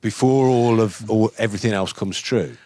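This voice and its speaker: A man with a lowish voice makes his case about boxing at an even, measured pace. He stacks his points one after another in relaxed podcast talk. The recording is dry and close to the mic. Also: no room sound. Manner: measured, building arguments point by point. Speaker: boxing journalist. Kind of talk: casual podcast chat.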